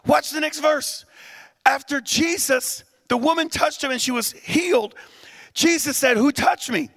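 A middle-aged man preaching a lively, humorous sermon, shouting at peaks and drawing the crowd to answer back. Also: extremely high pitch, unhurried, vocal fry. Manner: animated, humorous, shouts at peaks, invites responses. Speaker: guest preacher.

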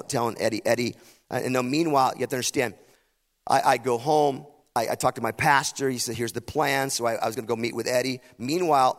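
A middle-aged man preaching at a camp meeting, his voice gravelly and edged with fry. He tells a personal story, then pushes into impassioned points. The sound carries a long reverb from the hall. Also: mid-range voice. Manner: storytelling, builds to impassioned emphasis. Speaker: pastor. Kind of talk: sermon.

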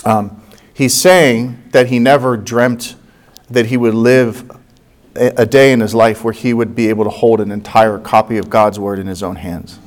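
Animated pastor telling a story. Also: male voice, medium pitch, moderate pace. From United States. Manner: animated, laughs at his own story, acts out dialogue. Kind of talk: sermon storytelling.

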